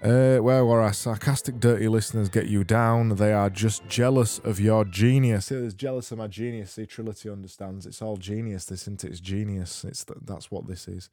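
A lower-voiced man hosting a comedy podcast, deadpan and rambling. He stumbles over words and mocks himself as he goes, with faint music playing underneath. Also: normal speed, few pauses. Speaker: podcast host.

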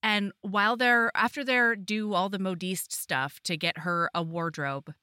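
Female podcast co-host: lively and conversational, with a bright, dry sound. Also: medium pitch, unhurried, smooth, dry recording. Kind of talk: casual chat recapping a book.

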